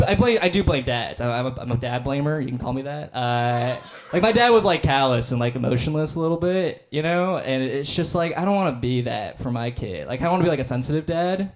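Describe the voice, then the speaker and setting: A man's voice: mid-range voice, lively intonation, fairly quick, slight background noise. A young man performing a stand-up comedy set on stage, with a laid-back, self-deprecating delivery full of fillers. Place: comedy stage before a live audience.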